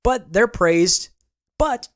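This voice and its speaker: A woman co-hosting a podcast, reading slowly and laughing through her flubs. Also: medium pitch, lively intonation, a loud crowd. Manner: slow, drawn-out reading, breaks into laughter. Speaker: podcast co-host. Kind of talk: podcast outtakes.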